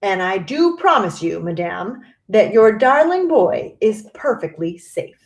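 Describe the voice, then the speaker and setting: A woman's voice: medium pitch, big pitch swings, a little slow, reverberant. A woman voicing an eccentric, theatrical male chocolate maker with breezy reassurance. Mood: whimsical.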